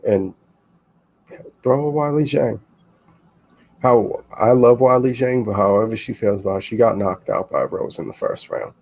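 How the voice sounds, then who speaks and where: A man co-hosting a casual podcast about fights, talking in an animated way with quick asides and some swearing. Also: on the low side, gravelly. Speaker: co-host.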